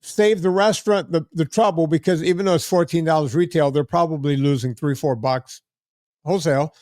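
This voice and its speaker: A man's voice: on the high side, brisk, darkish tone, dry recording, clean studio sound. A middle-aged man hosting a podcast, telling stories in a blunt, chatty way and often repeating words as he starts a sentence. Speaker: podcast host. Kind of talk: casual chat.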